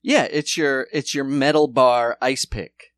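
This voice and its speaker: A man's voice: medium pitch, fairly even intonation, takes it slowly, fairly bright tone, no echo. A man co-hosting a podcast, rambling sarcastically and swearing a lot in casual chat. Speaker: podcast co-host.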